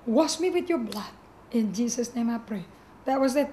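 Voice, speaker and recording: A woman's voice: fairly high pitch, lively intonation, moderate pace, mellow, slight background noise. A middle-aged woman, a pastor whose first language is Indonesian, telling her personal testimony in English with emotion, repeating herself and filling with "you know" and "like.". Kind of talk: personal testimony, earnest storytelling.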